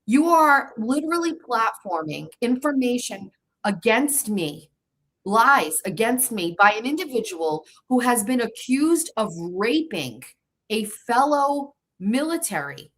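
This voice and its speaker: A defiant woman in her young adult years delivers a fired-up solo rant as a show host, swearing freely and hammering her points with repetition. Her voice sits a little high for a woman. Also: sing-song, slow pace, a bit bright, poor audio. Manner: defiant, profane, repeats herself. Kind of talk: heated livestream monologue.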